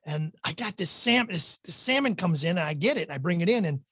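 Male guest, husky and high-voiced, rambling anecdote teller. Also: animated, quick pace, fairly bright tone, dry recording. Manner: rambling storyteller who stops to clear his throat. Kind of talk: casual anecdote.

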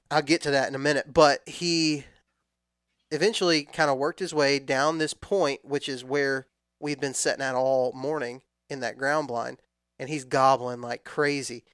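A man in his thirties telling a long hunting story in a relaxed, rambling way with frequent restarts. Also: mid-range voice, clean tone, dry recording, studio quality. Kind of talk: casual storytelling chat.

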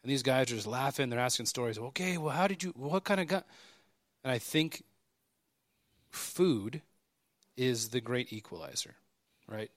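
A man's voice: medium pitch, no room sound, clean studio sound. A man on a podcast telling stories casually and animatedly, acting out the people in them. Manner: animated, acts out dialogue in quick bursts. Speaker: podcast guest. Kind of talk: casual storytelling.

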